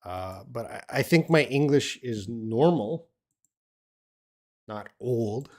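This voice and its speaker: An older Australian man who teaches English casually answers viewers' questions during a live stream lesson. His medium-pitched voice takes things slowly, and his relaxed, rambling speech is full of fillers and restarts.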